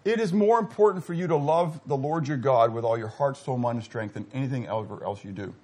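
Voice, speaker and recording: A middle-aged pastor delivers a sermon in a brisk, slightly rough voice of medium pitch. He swings from loud exclamations to quiet asides and keeps putting questions to his listeners.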